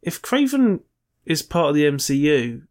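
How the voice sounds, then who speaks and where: A man's voice: on the high side, very animated, moderate pace. A man co-hosting a casual film podcast, throwing in dry, joking quips. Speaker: podcast co-host. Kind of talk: casual film review chat.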